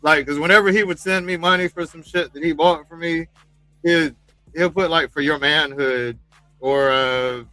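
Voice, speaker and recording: A man's voice: fairly high pitch, steady tone, moderate pace, sharp tone, no room sound, poor audio. A man co-hosting a casual stream chat, profane and laughing as he tells stories. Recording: dry sound, faint music behind. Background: faint music.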